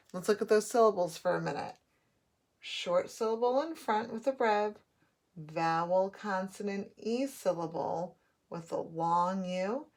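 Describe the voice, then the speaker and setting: A woman leads a phonics lesson for young children at an even, middle pitch. She speaks slowly and deliberately, sounding out letters one by one, with the patient rhythm of a teacher at the board. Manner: slow, clear teacherly pacing with sounded-out letters.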